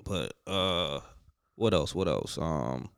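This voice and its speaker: A man's voice: very deep voice, animated, slow pace, creaky, fairly bright tone, smooth, dry recording, clean studio sound. A man co-hosting a podcast, talking loosely and profanely in casual chat and laughing often.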